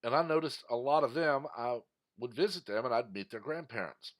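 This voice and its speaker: A man's voice: mid-range voice, fairly quick, fairly bright tone. A man from Texas delivering an indignant, emphatic political commentary monologue, ranting at his audience.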